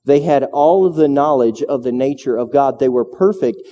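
A man's voice: medium pitch, moderate pace, mellow. A man preaching a sermon, moving from conversational storytelling into fervent preaching. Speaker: pastor. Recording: long hall reverb.

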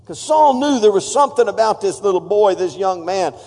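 Animated high-voiced preacher. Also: male voice, fairly quick, big-room sound. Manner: animated, exhorting the congregation with call-outs. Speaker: pastor. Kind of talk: sermon.

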